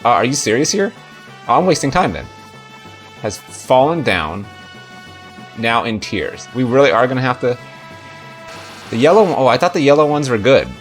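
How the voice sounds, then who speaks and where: A man's voice: mid-range voice, sing-song, normal speed, pauses often, faint music behind. A man hosting a let's play, giving jokey, sarcastic running commentary as he plays. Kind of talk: casual game commentary.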